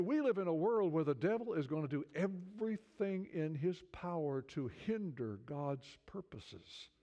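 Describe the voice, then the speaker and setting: A man delivers a sermon in a conversational, searching way, restarting phrases as he builds toward fervent appeals. His voice sits high for a man. The recording is muffled and lo-fi. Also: a little mellow. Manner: conversational preaching, many restarts, rising fervor. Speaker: preacher. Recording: dull lo-fi sound.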